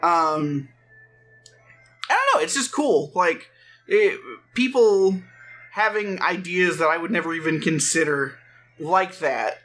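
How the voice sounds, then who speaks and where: Bright-toned man rambling through game chat. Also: high voice, lively intonation, takes it slowly, long pauses, faint music behind. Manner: rambling, self-correcting, dry jokes. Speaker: let's play co-host. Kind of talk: casual gameplay chat.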